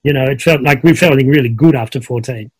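A middle-aged Australian man, a guest coach, chats casually on a video call in a fast, husky, mid-range voice. He tells stories in a relaxed way, full of fillers.

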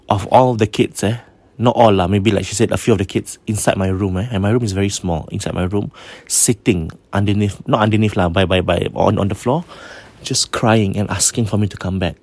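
Singaporean male storyteller, low-pitched, chatty and halting, hushes for the scary bits, dry close sound. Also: fairly even intonation, no echo. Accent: Singaporean English. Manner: mixes Malay into English, many restarts; drops to a hush for eerie parts. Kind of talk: casual ghost story retelling.

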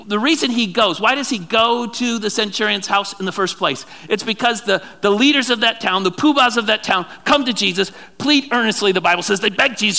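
A male pastor preaching a sermon in an animated way, often repeating words and slowing down for dramatic emphasis. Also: sits high, gravelly.

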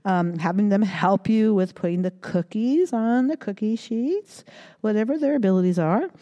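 A woman's voice: medium pitch, lively intonation, moderate pace, dark tone, in a large hall. A woman hosting a children's podcast, reading a story with playful sound effects, then giving tips to parents.

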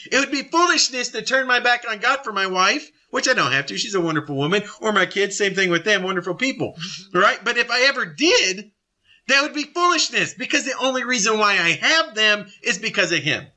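Blunt, forceful male Bible teacher. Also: high-pitched. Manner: blunt, confrontational preaching with quick asides. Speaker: Bible study leader.

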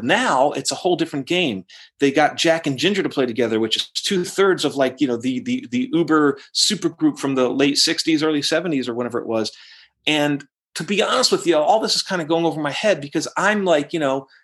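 Profane, animated rock guitarist telling stories. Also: male voice, a little high, fairly quick, breathy edge. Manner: animated, profane, acts out quotes in raised voice. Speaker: interview guest, rock guitarist. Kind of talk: casual storytelling interview.

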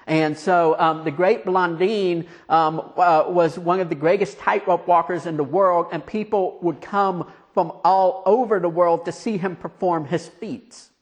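A man preaching a conversational, storytelling sermon, asking his listeners questions and dropping quiet for emphasis. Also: sits high, steady tone, a little slow, few pauses.

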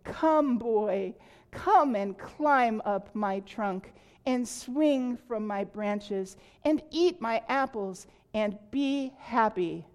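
A woman reading aloud and voicing a gentle, giving female apple tree in a tender, slow storybook manner. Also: medium pitch, vocal fry. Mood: eager.

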